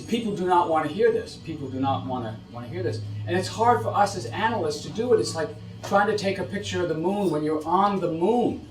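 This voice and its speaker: Man from the United States, middle-aged, lecturing, animated rhetorical questions, slightly higher voice, echoey room. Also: recorded from a distance. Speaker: policy expert giving a talk. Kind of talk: lecture to an audience.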